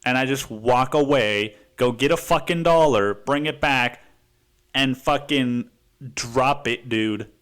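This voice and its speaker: A man's voice: mid-range voice, takes it slowly, fairly bright tone. A man hosting a podcast, telling a story in a rambling, profane way and saying "dude" constantly. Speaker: podcast host. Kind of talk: casual storytelling monologue.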